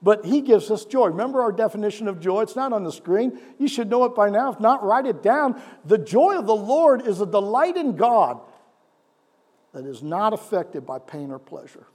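A man pastor preaching a sermon, animated, asking the congregation rhetorical questions and swinging between loud and hushed delivery. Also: high voice, normal speed.

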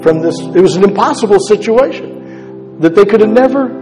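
A man's voice: high-pitched, expressive, moderate pace, darkish tone, in a large hall, soft background music, rough recording. A male pastor preaching an earnest, conversational sermon, repeating key phrases for emphasis. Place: church sanctuary.

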